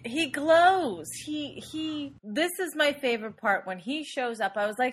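A woman's voice: sits high, lively intonation, a little slow, hardly any pauses, slight background noise. A woman co-hosting a podcast, chatting casually about a movie, rambling and gushing and repeating her words. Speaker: podcast co-host. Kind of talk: casual chat reviewing a movie.

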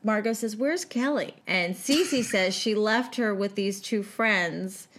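A woman in a casual chat who retells a film scene by scene. She often agrees with her co-host and fills her talk with "yeah" and "like." Her voice stays at an ordinary middle pitch. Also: takes it slowly, fairly bright tone. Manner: easygoing, agreeing, retells scenes with many fillers. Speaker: podcast co-host. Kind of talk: casual chat recapping a movie.

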